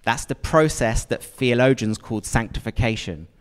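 The voice is a man's, medium in pitch and clean in tone, moving at a moderate pace. He preaches a sermon in a conversational style, regularly checking in with the congregation and asking them questions. Long hall reverb fills the church space.

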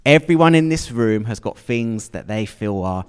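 A man's voice: fairly low pitch, lively intonation, moderate pace, smooth. A man preaching a sermon to a congregation, chatty and questioning, often checking in with his listeners. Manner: conversational, asks the congregation questions. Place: church hall with long reverb. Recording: long hall reverb.

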